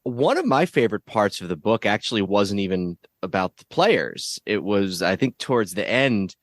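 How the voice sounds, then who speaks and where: Man, podcast host, low voice, relaxed, hunts for words. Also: normal speed, no room sound, studio quality. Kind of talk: podcast interview.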